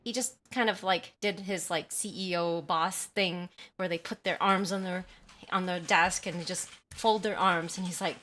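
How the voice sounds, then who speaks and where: Bright-voiced chatty woman livestreamer. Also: fairly low pitch, moderate pace, a little hiss or hum. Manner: chatty, apologetic, reads chat aloud. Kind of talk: casual storytelling and chat reading. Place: at home by a window.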